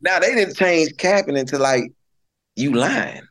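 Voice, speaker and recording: A man's voice: on the high side, expressive, a little slow, fairly bright tone. A middle-aged male comedian telling stories in casual chat, slangy, repeating words and laughing often. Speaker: comedian guest.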